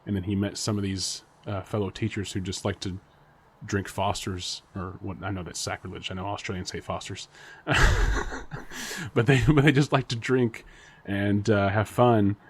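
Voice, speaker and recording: Male podcast co-host, fairly low voice, loose rambling delivery with lots of laughter. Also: fairly even intonation, normal speed, husky. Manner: rambling, laughs often, speculative. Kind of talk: casual chat.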